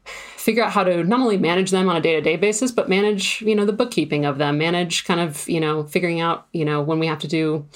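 A woman's voice: fairly low pitch, fast talker. A woman talking in casual conversation, rambling with lots of fillers. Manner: rambling, many fillers like "you know".

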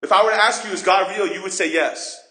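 A man preaching a sermon as pastor, expressive and acting out voices and questions. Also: high-pitched, quick pace. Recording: roomy echo.

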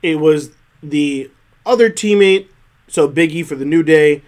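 Animated, fairly high-voiced male podcast host. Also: unhurried. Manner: animated, exasperated rants with wide pitch jumps. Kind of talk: casual wrestling recap chat.

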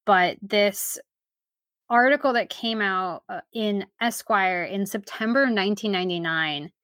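A woman's voice: medium pitch, measured pace, dry recording. Female podcast guest, mid-range voice, dry recording, chatty casual talk. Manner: chatty, trailing off into quiet asides. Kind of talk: casual conversation.

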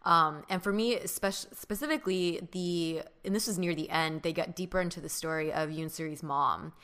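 A woman's voice: lowish voice, moderate pace, fairly bright tone. A woman co-hosting a casual podcast chat, speaking thoughtfully with lots of "like" and "um". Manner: thoughtful, many fillers like "like" and "um". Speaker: podcast co-host.

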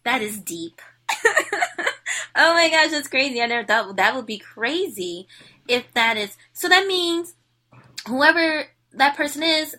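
Bubbly excitable female podcast co-host. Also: fairly high pitch. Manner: bubbly, excitable, laughs often. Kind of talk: casual chat.

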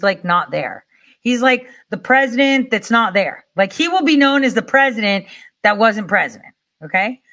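Animated, rambling middle-aged woman. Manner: rambling and animated, with swings of pitch and loudness; conversational, with fillers and mild swearing. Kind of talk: casual monologue.

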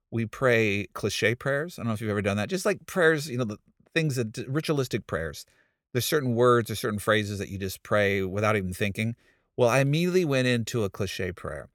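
A man's voice: medium pitch, no echo, studio quality. A man who is a pastor, telling a funny story about his own failures in a casual, self-deprecating way and laughing at himself. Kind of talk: storytelling sermon with humor.

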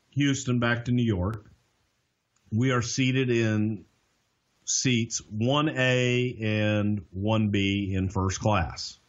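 An older man casually telling a long story on a podcast, acting out other people's lines. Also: medium pitch. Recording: dull lo-fi podcast audio.

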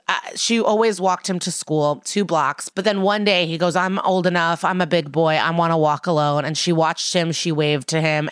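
A woman's voice: fairly low pitch, clean tone, no echo, clean studio sound. A woman co-hosting a podcast, recapping a TV episode in casual chat, swearing freely and acting out the characters' lines. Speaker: podcast co-host.

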